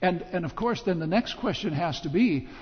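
A man's voice: high-pitched, expressive. A male pastor interviewing a guest in front of his congregation, hesitating and repeating words as he forms his questions. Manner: halting, repeats words while forming questions. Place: church sanctuary. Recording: dull, lo-fi sound with long hall reverb.

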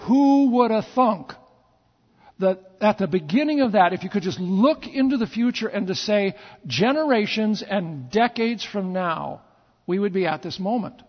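A pastor telling stories in a sermon, with repeated phrases and dramatic pauses. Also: male voice, sits high, expressive. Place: church sanctuary. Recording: long church reverb, dull lo-fi sound.

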